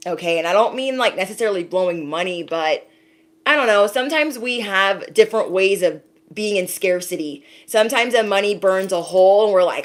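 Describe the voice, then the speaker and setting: A woman with a mid-range voice, an intuitive card reader, gives viewers a casual spiritual reading in an animated, brisk manner. She speaks emphatically, repeats herself a lot, and swears casually here and there.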